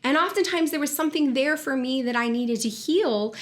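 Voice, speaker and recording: A woman's voice: sits high, fairly quick. A woman hosting a wellness podcast, explaining in an earnest, conversational way with fillers and restarts. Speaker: podcast host and wellness coach. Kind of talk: casual explanatory monologue.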